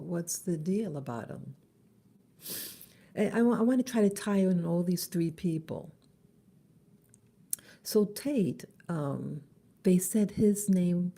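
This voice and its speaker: A middle-aged woman talking in a halting, casual vlog monologue in her early-morning voice, with many restarts. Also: sits low, creaky, dark tone, breathy edge. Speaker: vlogger.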